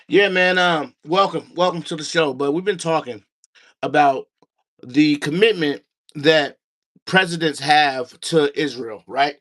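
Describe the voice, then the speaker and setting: A man's voice: fairly high pitch, a little slow, a bit bright. A man hosting a casual livestream from his basement, talking to his chat and his dog, a little out of breath. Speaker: livestream host. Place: home basement studio. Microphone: no mic, room sound.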